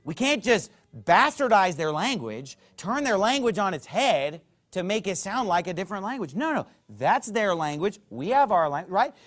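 Male preacher, sermon delivery, emphatic and conversational, very expressive pitch. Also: moderate pace, few pauses. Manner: emphatic, conversational, keeps checking in with the listeners.

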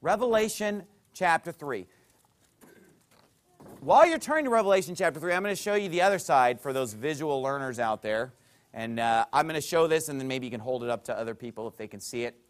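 A pastor preaching a teaching sermon to his congregation, walking them through a chart and checking in with frequent "okay?" asides, swinging between emphatic loud phrases and quiet ones. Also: medium pitch.

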